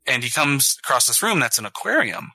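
Casting: man, podcast co-host, bright edgy voice, dry mic, excitable casual movie chat. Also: mid-range voice, brisk, breathy edge, no echo, low-quality recording. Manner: enthusiastic, swears, acts out scenes in quotes.

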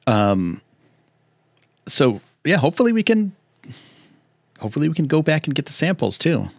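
A man's voice: normal speed, vocal fry. A young man chats on his live stream in a loose, rambling way, full of ums and restarts, and his voice shoots up when something thrills him. The sound is a bit dull and lo-fi, with a dry, close feel and almost no room echo. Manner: excitable, rambling, lots of fillers, jumps high when thrilled. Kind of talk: casual live-stream chat.

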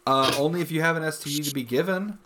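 A man's voice: fairly high pitch, fast, sharp tone, a little hiss or hum. A man chatting casually with friends on a podcast, giggly and laughing through his own jokes. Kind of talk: casual chat among friends.

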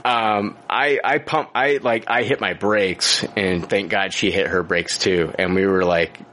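A man with a low voice co-hosts a podcast, taking his time as he tells stories in casual chat. The storytelling is animated and thick with swearing and filler words.

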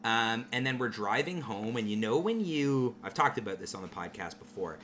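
A man, hosting a podcast and telling a profane, animated story in casual talk. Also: mid-range voice, moderate pace, slight background noise. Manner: profane, animated anecdote teller. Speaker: podcast host.

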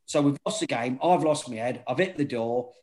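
A man's voice: medium pitch, moderate pace. A middle-aged man, telling rowdy anecdotes in casual chat, laughing often and swearing freely. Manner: laughing, swearing, animated storytelling.

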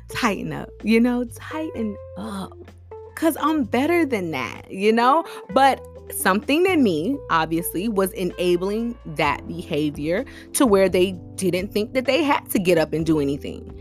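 A woman giving relationship advice in a casual, animated monologue, full of rhetorical questions and informal, slangy speech. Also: mid-range voice, moderate pace, hardly any pauses, faint music behind.

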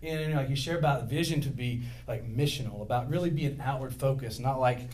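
A man's voice: mid-range voice, fast talker, darkish tone. A middle-aged man preaching a sermon to his congregation, rambling off on tangents with self-deprecating humor. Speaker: pastor. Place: church with a congregation.

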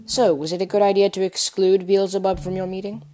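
A woman voicing Lilith, a gentle, soft-spoken wife. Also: mid-range voice, little pitch movement, a little fast, faint music behind, close to an everyday voice.

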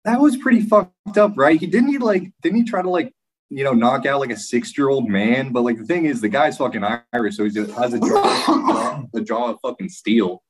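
A young man hosting a podcast, excitable and loose, swearing as he chats. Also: medium pitch, moderate pace, slight background noise. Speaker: podcast host. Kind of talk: casual podcast chat.

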